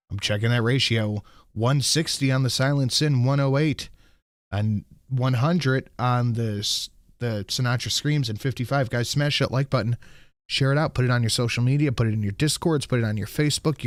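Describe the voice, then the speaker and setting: A man's voice: mid-range voice, dry recording, clean studio sound. Sarcastic, swearing live stream host, man. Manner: casual, sarcastic, swears freely.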